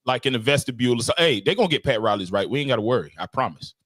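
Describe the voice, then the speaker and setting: A man on a sports podcast panel, chatting casually and teasing the others with quick remarks. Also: medium pitch, animated, a bit bright, dry recording.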